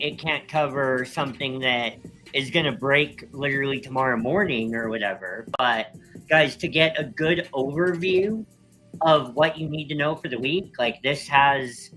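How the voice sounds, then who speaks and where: An easygoing man co-hosting a livestream, with a voice in the middle pitch range. He reads an ad segment casually, dotting it with ums. Soft music sits faintly behind him. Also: rough recording. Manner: easygoing, many filler ums. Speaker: co-host reading a sponsor roll-up. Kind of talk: casual chat and ad read.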